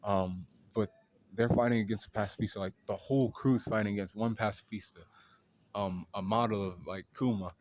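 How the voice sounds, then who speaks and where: A man with a fairly low voice tells a long story in a laid-back, rambling way. He leans on fillers and casual swearing as he goes. A faint hiss sits under the recording. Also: steady tone, a little fast, darkish tone. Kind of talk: casual anime recap.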